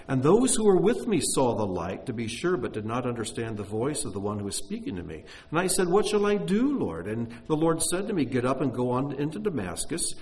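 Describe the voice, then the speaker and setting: A man delivers a sermon, reading scripture with expression before breaking off to explain it plainly. His voice sits in a middle pitch and moves up and down a great deal. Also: a little mellow. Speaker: Bible teacher.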